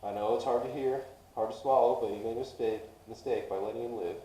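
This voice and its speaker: A man's voice: medium pitch, fast talker, a little hiss or hum. A man telling a long story on a casual podcast, swearing a lot and acting out the people in it. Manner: profane, animated storyteller doing voices. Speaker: podcast co-host. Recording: echoey room, off-mic.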